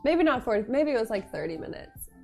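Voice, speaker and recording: Picture a young woman with a slightly high voice chatting to her camera, laughing as she goes and circling back through her sentences. Soft music sits faintly behind her. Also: big pitch swings, quick pace, creaky. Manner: giggly, laughs often while telling the story; rambling, many fillers and restarts. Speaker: vlogger. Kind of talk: casual storytelling.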